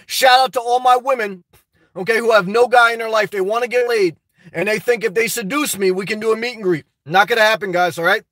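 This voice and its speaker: A man's voice: high-pitched, steady tone, a little fast, a bit bright, dry recording. A man chatting casually on a live stream, reading viewer comments aloud, rambling and laughing often as he talks straight to his audience. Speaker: vlogger reading live chat.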